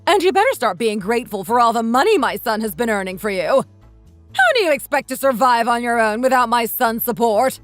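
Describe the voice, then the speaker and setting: A woman playing a shrill, scolding mother-in-law in her sixties. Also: animated, a little fast, dry recording, soft background music, close to an everyday voice. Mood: indignant. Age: 60s. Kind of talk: texting story voice acting.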